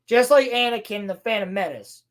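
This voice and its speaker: A woman's voice: a little high, brisk. Sarcastic, foul-mouthed woman podcaster. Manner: sarcastic, profane, mocking; acts out quoted lines in playful voices. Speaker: podcast co-host reviewing a TV show. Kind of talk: casual chat.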